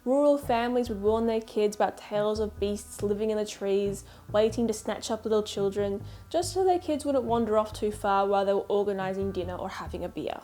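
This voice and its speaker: A woman's voice: medium pitch, brisk, few pauses, dark tone. A woman with a Melbourne Australian accent giving mock-serious documentary narration, playful and full of asides. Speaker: video creator.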